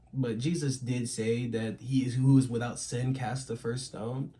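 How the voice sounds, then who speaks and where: A young man co-hosting a podcast, telling a childhood story in casual chat, animated and often laughing. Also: mid-range voice, a little slow. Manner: animated, laughing, acts out quotes. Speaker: podcast co-host.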